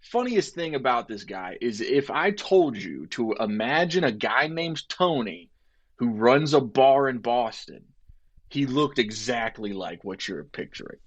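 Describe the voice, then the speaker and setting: Excitable laughing young man. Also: medium pitch, a little slow, lo-fi sound. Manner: laughs often, excited retelling with quoted voices. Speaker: podcast co-host. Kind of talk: casual chat. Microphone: podcast microphone.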